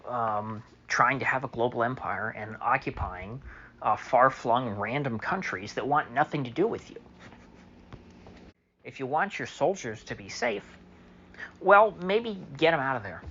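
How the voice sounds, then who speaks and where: A man's voice: mid-range voice, expressive, unhurried, sharp tone, muffled recording, slight background noise. A man delivering a solo opinion monologue as a political commentator, sarcastic and mocking, with many fillers.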